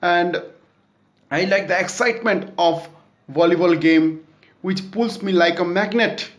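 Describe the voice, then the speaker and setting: A man's voice: high-pitched, measured pace, reverberant, pitched above the performer's own voice. A man reading the part of a young boy who loves playing outdoors, pleading and eager. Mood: longing.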